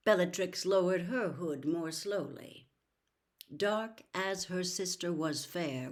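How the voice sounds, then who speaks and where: A woman reading a novel aloud in a slow, deliberate storytelling manner. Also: fairly low pitch. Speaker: narrator. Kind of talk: audiobook reading.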